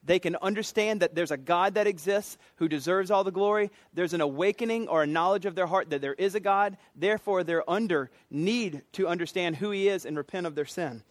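A man's voice: sits high, fairly quick, few pauses, no echo. A middle-aged man with a Southern US accent, a pastor teaching a sermon in a conversational, folksy way with self-deprecating asides. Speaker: pastor teaching a doctrine class.

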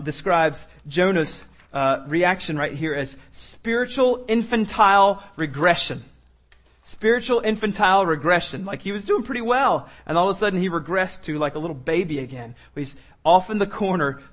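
A man preaching a sermon, animated, acting out the lines of the people in the story and laughing often. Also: sits high, normal speed. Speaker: pastor.

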